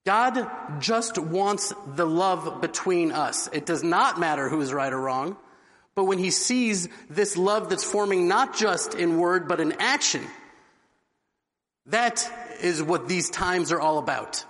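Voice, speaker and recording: A man's voice: sits high, expressive, slow pace, a bit bright. A man giving an inspirational religious talk, telling a story earnestly. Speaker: religious speaker. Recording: long hall reverb.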